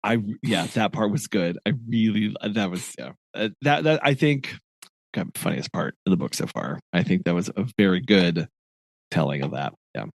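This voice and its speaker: A man's voice: low-pitched, expressive, moderate pace, gravelly, dry recording. A man co-hosting a podcast, chatting about a novel, reading passages aloud and laughing often. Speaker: podcast co-host. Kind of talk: casual book discussion.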